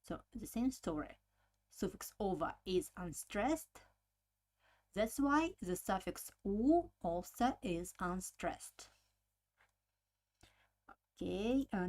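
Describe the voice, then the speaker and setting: A woman teaching a language lesson, explaining step by step with many filler sounds and slowly repeating each word for practice. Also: fairly low pitch.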